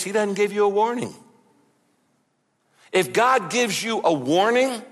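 A man's voice: sits high, a bit bright, in a large hall. A man pastor preaching a sermon, earnest and conversational, often repeating words for emphasis.

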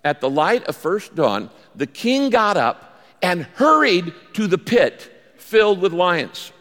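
A man preaching a sermon as the pastor, animated and acting out the voices in the story he tells. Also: takes it slowly. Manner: animated preacher, acts out quoted lines with big pitch jumps. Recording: long reverb of a large hall.

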